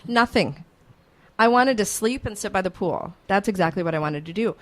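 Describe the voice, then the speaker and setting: A woman hosting a morning radio show, telling a story in an animated, chatty way. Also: medium pitch, normal speed. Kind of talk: casual radio chat, storytelling. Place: radio studio.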